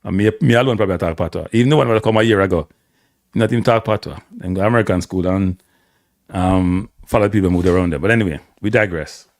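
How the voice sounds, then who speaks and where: A man with a Jamaican accent hosting a casual live-stream commentary, blunt and animated, slipping between patois and standard English. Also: sits low, fast talker, no echo, clean studio sound. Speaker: host.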